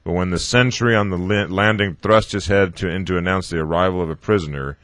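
A man reading a novel aloud, haltingly, often stumbling over words and correcting himself. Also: low-pitched, a bit bright, dry recording. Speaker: reader.

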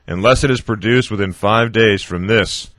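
A man's voice: fairly low pitch, normal speed, fairly bright tone, no echo, voice pushed up, lightly acted. A man reading aloud as a blustering, threatening colonel who accuses a prisoner of theft. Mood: accusing. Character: angry, blustering male colonel interrogating a prisoner.

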